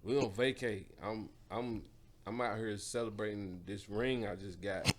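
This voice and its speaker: A man's voice: lowish voice, steady tone, normal speed, very noisy. A man co-hosting a podcast, chatting casually with playful bragging. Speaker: podcast co-host. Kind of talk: casual chat.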